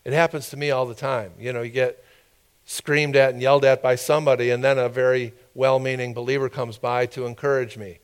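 In a clear, resonant voice pitched in the middle range, a man preaches a conversational sermon with a rather flat delivery. His manner is easygoing, and he occasionally stops to put brief questions and asides to his congregation.

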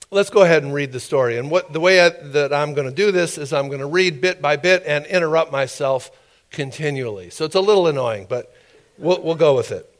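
A man preaching a sermon, telling a story in a conversational, halting way with many fillers. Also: fairly high pitch. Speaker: pastor.

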